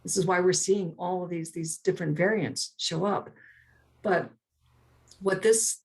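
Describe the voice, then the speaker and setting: Middle-aged woman, husky low voice with some fry, earnest explainer. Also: steady tone, a little slow, a little mellow. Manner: earnest, with many restarts and repeated words. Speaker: guest, primatologist. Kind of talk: explanatory interview talk.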